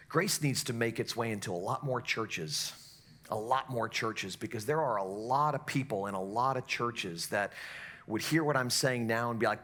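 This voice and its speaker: Middle-aged guy preaching in church, bright punchy voice, gets loud and fired up then goes quiet. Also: animated, moderate pace. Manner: impassioned, swings from low asides to loud exhortation. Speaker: pastor. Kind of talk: sermon.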